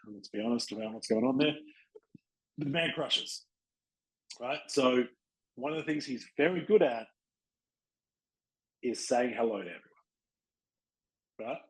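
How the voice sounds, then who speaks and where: An Australian man hosting a podcast, giving casual, blunt coaching advice and acting out quick exchanges with people. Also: medium pitch, lively intonation, low-quality recording. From Western Australia. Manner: blunt, chatty, acts out little dialogues with people. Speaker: podcast host and chiropractic practice coach.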